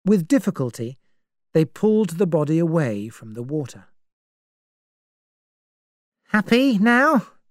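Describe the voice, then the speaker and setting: A woman reading a story aloud as narrator, in a slow, measured way. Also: low-pitched, sing-song, dark tone, dry recording, studio quality.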